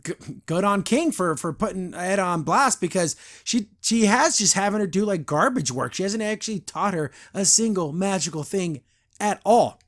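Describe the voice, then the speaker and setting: A man's voice: high-pitched, expressive, moderate pace, fairly bright tone. A man hosting a podcast, giving a casual, blunt and critical review of a cartoon episode. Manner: retells scenes, briefly imitating characters.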